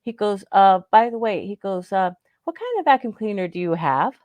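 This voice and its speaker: A woman living in Florida tells a long personal story during casual chat on a radio show, laughing often and imitating the voices of the people she quotes. Her voice is mid-range with big pitch swings at a moderate pace, and the recording is muffled with a noisy background.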